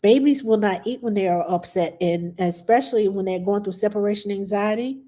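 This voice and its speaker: A middle-aged woman, a nanny, giving passionate advice in a casual talk, sometimes acting out parents and children in a higher voice. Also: a little fast. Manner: passionate, animated, acts out quotes in a high voice.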